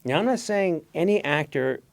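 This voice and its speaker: Animated man telling stories. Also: on the high side, normal speed. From Mexican-American. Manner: animated, acts out voices and laughs often. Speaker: guest speaker. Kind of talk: storytelling talk.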